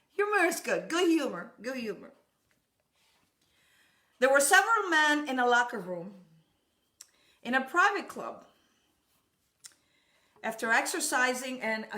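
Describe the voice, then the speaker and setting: A woman preacher with a bright, fairly high voice opens her sermon and eases into a joke. She talks haltingly, repeating words and restarting her sentences, and laughs often.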